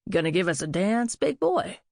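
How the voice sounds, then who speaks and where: A woman's voice: fairly low pitch, expressive, unhurried, no room sound, studio quality. A woman doing teasing young guy Huck. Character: playful young man, teasing, reformed party guy.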